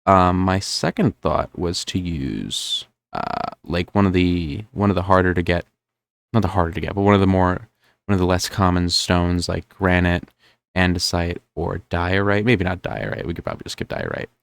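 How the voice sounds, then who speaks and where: A young man with a New Jersey accent rambles through live-stream gameplay commentary in a deep, low voice. He thinks aloud, circling back with ums and likes. The sound is dry, with no room echo. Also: lively intonation, moderate pace, vocal fry.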